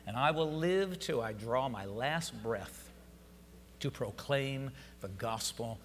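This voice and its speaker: A male pastor preaching an Easter sermon, building from quiet, close talk to loud shouted passages, with a congregation answering. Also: medium pitch, expressive, takes it slowly, in a large hall. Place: church sanctuary.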